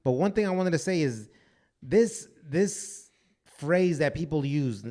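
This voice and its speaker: A man's voice: a little high, lively intonation, unhurried, darkish tone. A man co-hosting a podcast in casual chat, blunt and profane, now and then dropping Spanish phrases. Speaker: podcast co-host.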